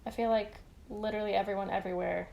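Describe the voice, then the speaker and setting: A woman's voice: mid-range voice, fairly even intonation, fast talker, gravelly, a little mellow. A young woman co-hosting a podcast, chatting casually, laughing often and swearing freely. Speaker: podcast co-host. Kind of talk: casual chat.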